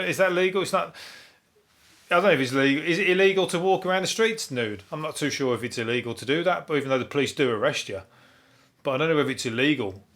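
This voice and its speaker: Rambling man, swearing deadpan. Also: mid-range voice. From England. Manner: rambling, swearing, dry deadpan humour with chuckles. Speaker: podcast host. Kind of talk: solo comedy news podcast.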